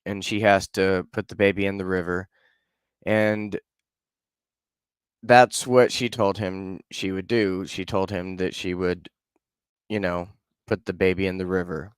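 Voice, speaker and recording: A man tells an old legend in a loose, chatty way, full of fillers and asides. His voice is deep and smooth with a resonant tone. The sound is dry and close, with no room around it. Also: level tone, a little slow, pauses often, no echo. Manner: loose and conversational, hedging with fillers. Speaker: podcast storyteller. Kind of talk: casual storytelling.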